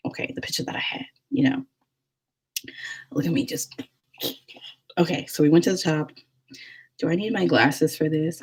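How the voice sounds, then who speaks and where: A woman's voice: low-pitched, lively intonation, normal speed, pauses often, darkish tone, breathy edge, rough recording. A young woman vlogger telling a dating story in a chatty, rambling way, full of "like". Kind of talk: casual storytelling.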